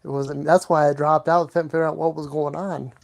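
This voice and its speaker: A man's voice: a little high, flat delivery, a little fast, gravelly, a crowd in the background. Matter-of-fact man in casual chat.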